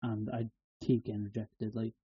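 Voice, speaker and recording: A man's voice: lowish voice, level tone, moderate pace, mellow, breathy edge, dry recording. A man co-hosting a podcast with sweary, jokey interjections over a dull lo-fi mic. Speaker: podcast co-host. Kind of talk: casual banter.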